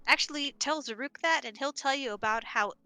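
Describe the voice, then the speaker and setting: Woman, nasal, high and bright, chatty, joking, faint music behind. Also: brisk, no echo. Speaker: streamer, co-host. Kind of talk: casual gaming chat.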